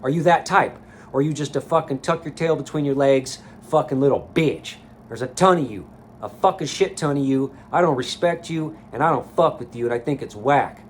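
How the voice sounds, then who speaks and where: A man's voice: medium pitch, a little fast, a little hiss or hum. A man giving a blunt, profane motivational rant to camera as a life coach vlogger, recorded in a sauna.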